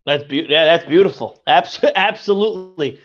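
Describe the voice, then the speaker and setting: A man with a fairly high voice, speaking at normal speed in lo-fi sound, is a rabbi guest on a podcast. He teaches Torah through storytelling and is effusive, repeating his praise often.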